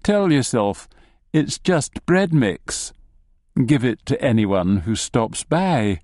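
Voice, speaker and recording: Guy voicing a sly cryptic gnome, talks real slow and hushed, dry sound. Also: mid-range voice, big pitch swings, no room sound. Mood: insistent. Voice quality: slow, deliberate, hushed delivery. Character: sly, cryptic male gnome, a pub regular.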